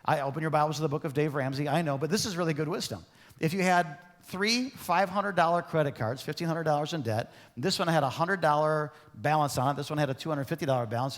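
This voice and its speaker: A man preaching a sermon as pastor, animated and conversational, often asking the congregation questions. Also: on the high side. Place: church sanctuary. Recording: long reverb of a church hall.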